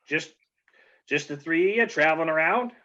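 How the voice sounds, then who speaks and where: A man's voice: a little high, lively intonation, moderate pace, bright, forceful tone, voice pushed up. A man playing a friendly small-town bartender who talks in a rambling, hesitant, welcoming way, on dull lo-fi audio.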